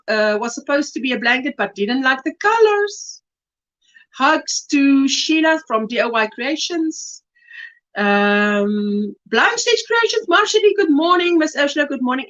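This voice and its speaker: A South African woman hosting a casual crochet livestream, chatting warmly and reading viewer comments aloud with delight. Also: high-pitched, lo-fi sound.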